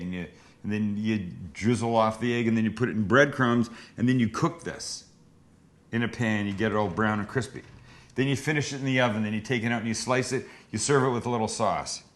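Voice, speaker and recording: A man hosting a casual cooking demonstration in a home kitchen, joking and wisecracking as he explains each step. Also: on the low side. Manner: joking, wisecracking, a bit profane. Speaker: cooking show host.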